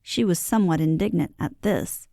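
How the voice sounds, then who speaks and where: A woman narrating a storybook audiobook with an expressive, lilting delivery. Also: on the low side, moderate pace, gravelly, dry recording, studio quality.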